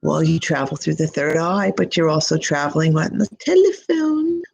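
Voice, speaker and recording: Gravelly, gushing psychic woman. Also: deep voice, expressive, darkish tone, a little hiss or hum, poor audio. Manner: gushing, affectionate, drawn-out words. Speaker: psychic reader. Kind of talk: live-stream tarot reading.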